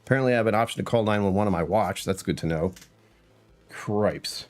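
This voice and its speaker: Streaming live from his home computer, this host speaks briskly in a lowish, darkish voice. His chat is casual and wandering, punctuated by frequent chuckles and shout-outs to viewers by name.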